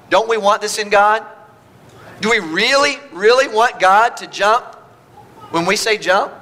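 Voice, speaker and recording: A man's voice: sits high, bright, forceful tone. A man preaching a sermon, reading scripture and speaking God's words in the first person with emphatic rises. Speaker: pastor.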